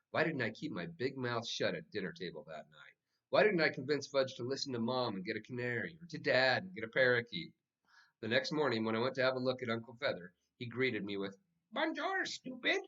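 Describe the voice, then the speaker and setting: A man reading a children's novel aloud as the narrator, with lively, expressive storytelling. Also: mid-range voice, highs cut off. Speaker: audiobook narrator. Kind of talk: scripted narration.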